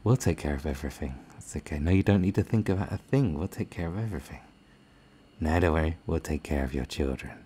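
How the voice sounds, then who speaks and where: British man putting on a deep, fake-caring government official who talks down to people and wants control. Keep it patronizing and dark. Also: lively intonation, fast talker, slight background noise. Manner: soothing, condescending, falsely caring.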